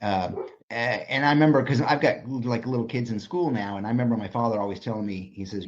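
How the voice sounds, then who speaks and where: A man who is a designer and author, talking as a podcast guest. He tells stories in an animated way and swears freely. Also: on the low side, a little fast. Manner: animated, profane storyteller. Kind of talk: casual podcast conversation. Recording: slightly dull lo-fi audio.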